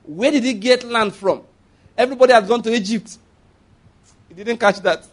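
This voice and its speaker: A man's voice: extremely high pitch, moderate pace, pauses often. A man with a Nigerian accent preaching a sermon in a conversational way, asking the congregation for responses and laughing at his own asides.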